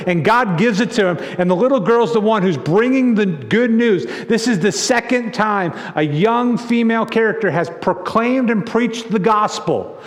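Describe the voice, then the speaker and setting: Male pastor, sermon delivery, conversational and animated, high pitch, reverberant sanctuary. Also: normal speed, hardly any pauses. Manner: animated storytelling with acted-out quotes; conversational, repeats words. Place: church sanctuary. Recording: long church reverb.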